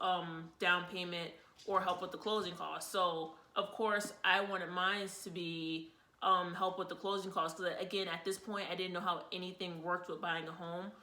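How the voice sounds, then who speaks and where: A woman's voice: on the low side, sharp tone. A young woman vlogger telling a personal story in a rambling, casual way, with lots of fillers and repeats. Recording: echoey room.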